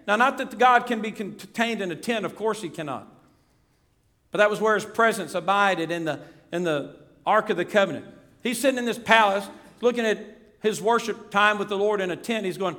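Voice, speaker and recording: A man preaching a sermon, animated, acting out the voices he quotes. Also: high-pitched, a little fast.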